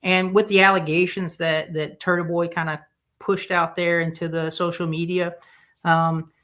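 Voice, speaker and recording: A man's voice: a little high, level tone, moderate pace, sharp tone, clear, resonant tone. Easygoing man with a Southern accent. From Southern United States. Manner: easygoing, searching for words. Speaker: podcast guest. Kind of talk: casual interview answers.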